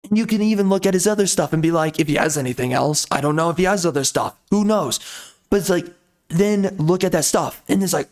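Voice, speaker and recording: This video commentator has a high, somewhat mellow voice and talks a little fast. His commentary is a blunt, repetitive rant, venting frustration for a long stretch.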